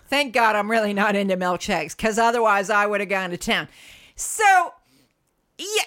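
A woman co-host with a bright, higher voice. She chats in a self-mocking way. Her pitch swings widely as she talks. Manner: chatty, animated, self-mocking. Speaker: podcast co-host. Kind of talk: casual chat.

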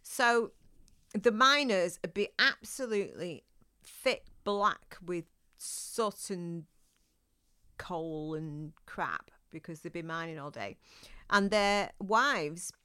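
A woman with a smooth, clear voice co-hosts a casual family podcast. She tells her facts as loose, rambling stories, full of restarts and fillers. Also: medium pitch, pushed and bright. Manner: chatty, rambling storyteller with many restarts. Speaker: podcast co-host.

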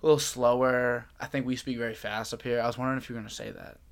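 A man's voice: medium pitch, level tone, fast, creaky, clean tone. A young man hosts a podcast in casual chat, rambling playfully with lots of likes and restarts. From Massachusetts. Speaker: podcast host.

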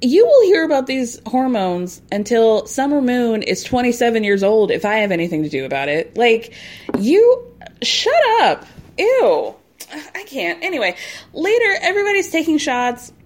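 Woman, recap host, casual and opinionated, quick sarcastic asides. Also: on the high side, big pitch swings. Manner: acts out quotes in put-on voices.

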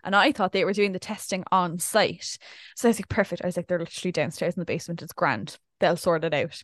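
A woman's voice: lowish voice, fast, no echo, studio quality. A young adult woman, co-hosting a casual podcast and telling a story in a chatty way, acting out what people said. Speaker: podcast co-host. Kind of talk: casual chat.

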